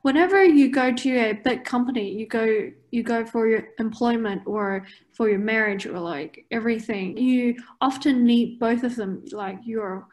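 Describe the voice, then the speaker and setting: Chatty woman, fairly high. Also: moderate pace, hardly any pauses, a little mellow. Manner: chatty, laughs often, many "like" fillers. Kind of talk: casual chat.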